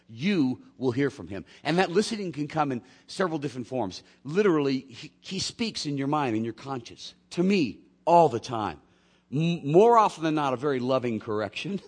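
A man's voice: medium pitch, breathy edge. A male pastor preaching a sermon, his voice rising and falling in wide swings as he tells a story from his own week. He slips into the voices of the people he quotes, keeping the congregation along with him. The delivery is casual and conversational, with a middle-aged tone.

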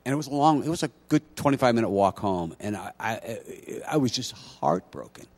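A man preaching a sermon, telling a personal story in a conversational way and building to loud, emphatic preaching. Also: mid-range voice, lively intonation, brisk. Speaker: pastor.

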